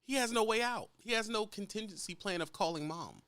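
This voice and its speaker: A man's voice: sits high, expressive, a little fast, fairly bright tone, dry recording. A man who drives trucks, bluntly lecturing younger drivers in a casual, profane vlog rant. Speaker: truck driver giving advice.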